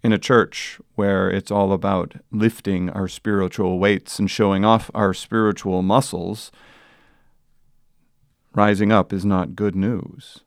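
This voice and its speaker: A man preaching a sermon as pastor, earnest and plain, building to loud emphatic passages. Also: low-pitched, little pitch movement, slow, creaky, no room sound, studio quality. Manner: earnest preaching, rising to loud sung quotes.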